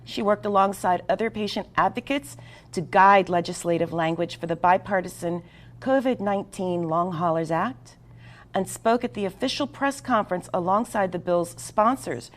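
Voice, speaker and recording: A woman host with a slightly low voice reads out a long guest introduction. She sounds earnest and puts weight on key words. Now and then she trips over a word and corrects herself. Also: moderate pace. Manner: earnest, emphatic, with small stumbles. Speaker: talk show host.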